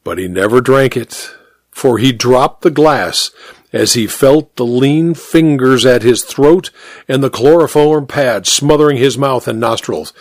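A man narrating a story in an expressive, measured audiobook reading. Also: mid-range voice, no room sound.

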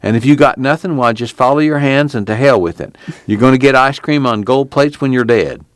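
A man's voice: mid-range voice, a little fast, no echo, pitched above the performer's own voice, close to an everyday voice. A man voicing an earnest young fugitive farm man in an audiobook, with plainspoken rural dialect. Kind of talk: audiobook character reading.

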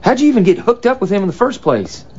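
An exasperated grown son. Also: male voice, high voice, sing-song, fast talker, a little mellow, slight background noise. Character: frustrated grown son, pizza delivery man. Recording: dull lo-fi film clip.

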